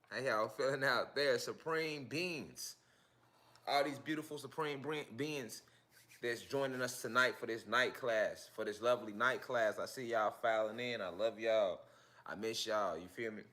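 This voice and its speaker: A man's voice: mid-range voice, moderate pace, pushed and bright. A man teaching a casual livestream class on spiritual topics, talking in slangy, repetitive, emphatic street speech.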